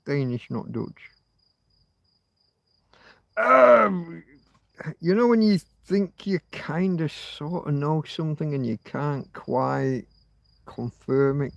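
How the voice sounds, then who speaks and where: Male livestream host, slow and gravelly, mutters and curses, dry close sound. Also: fairly high pitch, dry recording. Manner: muttering, swearing, thinking aloud. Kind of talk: rambling casual livestream chat.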